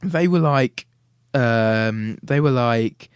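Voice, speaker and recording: A man's voice: medium pitch, drawn-out words, smooth, no room sound. A young man from the UK hosting a student radio show in casual studio chat, giggling and trying out silly impressions. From United Kingdom. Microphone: studio microphone.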